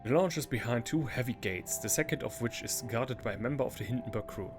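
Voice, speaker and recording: A man from Germany casually reading a text game aloud and commenting, chuckling and thinking out loud. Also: medium pitch, lively intonation, fast talker, over music. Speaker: let's play streamer.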